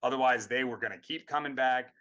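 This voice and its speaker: A man with a bright, forceful tone talks casually as a guest on a talk show. He rambles and searches for words, often starting his sentences over. His pitch sits in an ordinary middle range. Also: brisk, dull audio. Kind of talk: casual conversation.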